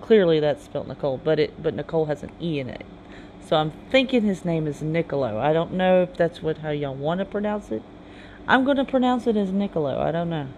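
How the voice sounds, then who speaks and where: A gamer reading game dialogue aloud in a halting way, with chatty asides in between. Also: medium pitch, lively intonation, darkish tone, lo-fi sound, a little hiss or hum. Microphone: phone game recording with mic.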